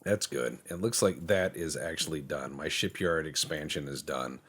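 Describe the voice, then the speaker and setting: A man's voice: extremely low pitch, husky. A man casually commentating his gameplay, joking, swearing and mocking himself as he goes. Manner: slips into quick silly voices for other countries. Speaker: gaming channel host. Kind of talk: casual let's-play commentary.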